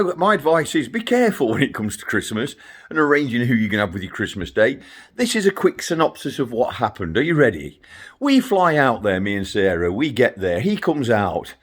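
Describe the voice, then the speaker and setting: Chatty middle-aged man with a lively voice. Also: lowish voice. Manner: ranting, chatty, self-interrupting with laughs and asides. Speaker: father vlogging to his sons. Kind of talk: rambling personal video update.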